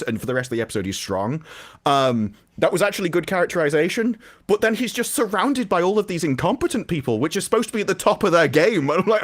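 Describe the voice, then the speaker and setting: A man with a slightly raised pitch, talking in a lively, animated way on a podcast. He keeps slipping into mocking put-on voices to act out scenes he is describing. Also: quick pace. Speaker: podcast guest. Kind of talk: casual podcast chat.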